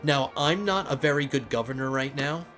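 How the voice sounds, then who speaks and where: A man hosting a let's play, giving casual gameplay commentary and getting excitable as he thinks aloud. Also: medium pitch, normal speed. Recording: game music playing under the voice. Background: game music.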